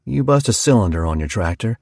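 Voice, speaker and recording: A man's voice: fairly low pitch, expressive, brisk, gravelly, a little mellow, dry recording, clean studio sound. A man doing a big drawling farmer. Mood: musing. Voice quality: thick drawl. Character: big rough male farmer with a thick drawl.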